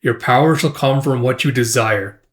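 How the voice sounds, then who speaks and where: A man's voice: mid-range voice, close to an everyday voice. Man reading as a solemn ancient sea god. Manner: calm, measured pronouncements.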